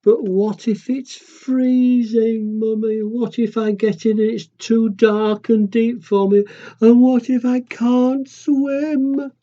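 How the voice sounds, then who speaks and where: A man's voice: very high voice, steady tone, slow, mellow, voice pushed up. A man voicing a small, frightened boy penguin who asks anxious, worried questions, in a dull lo-fi recording. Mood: fearful.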